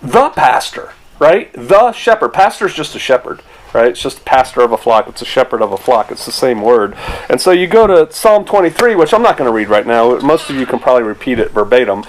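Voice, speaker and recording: A man's voice: mid-range voice, very animated, brisk, a little hiss or hum, rough recording. A middle-aged man, a pastor, preaching a sermon in a conversational, rambling way with rhetorical asides.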